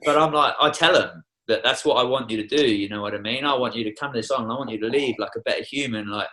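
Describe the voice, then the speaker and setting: A man's voice: medium pitch, fast, bright, forceful tone, poor audio. A young Australian man, a tour guide, talking passionately and swearing freely as a guest in a podcast studio. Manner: passionate, heavy swearing, preachy. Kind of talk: casual podcast conversation.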